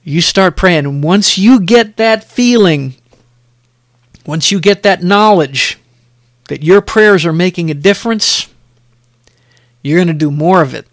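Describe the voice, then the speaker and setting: Emphatic and exhorting, a middle-aged man hosts a sermon-style podcast, repeating phrases to press his points. His fairly high voice has lively intonation, a little slow with long pauses, and the close, dry recording has no room sound.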